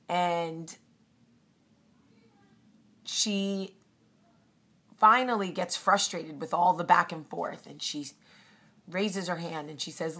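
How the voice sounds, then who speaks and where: A woman's voice: fairly low pitch, takes it slowly, long pauses, bright, forceful tone. A woman hosting a casual storytelling vlog, chatty with frequent ums. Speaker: host.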